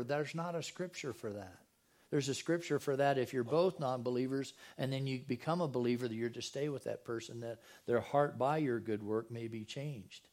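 A man's voice: mid-range voice, normal speed, darkish tone. An older man, preaching a sermon in a conversational way and often asking his listeners rhetorical questions. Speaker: pastor.

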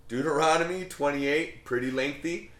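A man's voice: on the high side, moderate pace, fairly bright tone, echoey room. A man leading a Bible study, talking conversationally with rhetorical questions and frequent ums.

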